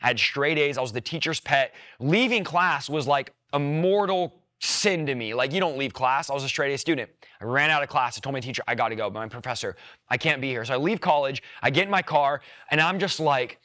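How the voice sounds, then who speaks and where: A man in his thirties from California, sharing his personal conversion testimony as an animated storyteller who acts out his own quoted words. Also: medium pitch, fairly quick, hardly any pauses.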